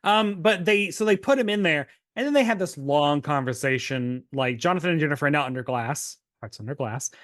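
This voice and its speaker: A man co-hosting a podcast, recapping a TV episode in casual chat, animated and laughing as he acts out the characters' lines. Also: fairly high pitch, a little fast, few pauses, no room sound, studio quality. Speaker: podcast co-host.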